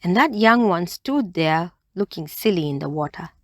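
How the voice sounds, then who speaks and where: A woman reading a children's bedtime story aloud, in a gentle and expressive way. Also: lowish voice, normal speed, very noisy.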